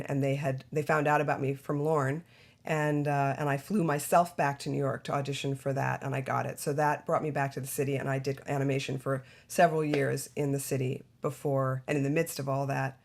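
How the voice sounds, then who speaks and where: A woman's voice: extremely low pitch, a little mellow. A woman actress as a podcast guest, telling her career story in a chatty way with many restarts and asides. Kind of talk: casual interview storytelling.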